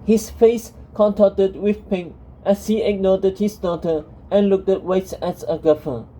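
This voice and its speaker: A woman narrating a fantasy storybook in a calm, steady reading voice. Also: medium pitch, measured pace, rough recording.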